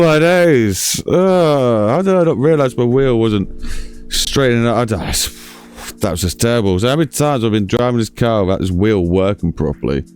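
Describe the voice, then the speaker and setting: A man's voice: mid-range voice, a little mellow, clear, resonant tone. A man casually commentating over his own driving game, chatty and self-mocking, talking straight to his viewers. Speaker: gaming channel host. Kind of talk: let's-play commentary.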